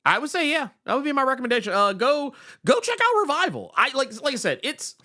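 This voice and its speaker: Lively high-voiced man chatting about comics. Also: quick pace. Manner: animated, stammering restarts. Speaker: podcast co-host. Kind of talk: casual comic book chat.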